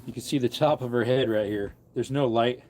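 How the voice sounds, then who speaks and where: A man's voice: mid-range voice, brisk, darkish tone, a little hiss or hum. A man who preaches, chatting casually on a livestream from an outdoor porch and wandering between topics as he reads comments aloud.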